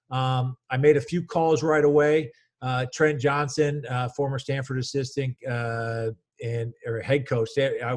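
A man in his fifties, a college basketball coach, telling stories in an energetic, rambling way with many restarts. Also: medium pitch. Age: 50s. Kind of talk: casual storytelling interview.

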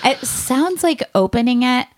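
A woman's voice: high-pitched, lively intonation, unhurried, no room sound. A woman hosting a podcast, talking frankly and casually, with light swearing. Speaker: podcast host.

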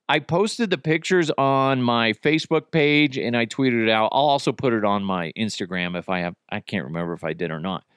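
A man's voice: medium pitch, expressive, fairly quick, hardly any pauses, a bit bright, clean tone, dry recording, clean studio sound. Joking, rambling male podcast host. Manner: rambling, jokey, profane. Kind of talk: casual monologue.

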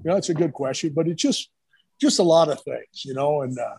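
A middle-aged man with a husky, slightly rough voice tells coaching stories at an easy conversational pace. He rambles from one anecdote to the next and slips into quoted lines from old bosses and his wife. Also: a little high, brisk, a little mellow, no echo, rough recording. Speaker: retired college football coach and staffer. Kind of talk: casual storytelling interview. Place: brewery.

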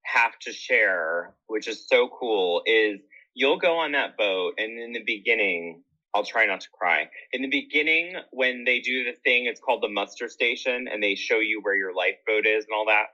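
A man in casual conversation, telling animated stories and laughing often, with theatrical asides. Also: lowish voice, moderate pace, lo-fi sound. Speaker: podcast guest. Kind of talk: casual chat, storytelling.

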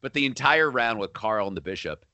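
Man, podcast co-host, animated, bright sharp tone, dry close sound. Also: mid-range voice, a little fast, dry recording, dull audio. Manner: animated, laughing, breaks into shouted bits. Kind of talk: casual chat about a film.

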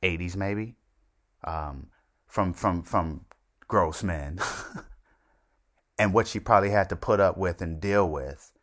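Middle-aged guy, real low voice, just rambling along on his own show, catching himself and going off on tangents. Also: slow, long pauses, fairly bright tone. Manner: rambling, conversational, with asides and self-corrections. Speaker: podcast host. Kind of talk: casual solo commentary.

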